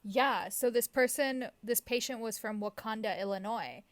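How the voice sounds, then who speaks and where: A woman guesting on a podcast in casual chat, recording remotely, talking animatedly with sudden loud bursts. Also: on the high side, normal speed.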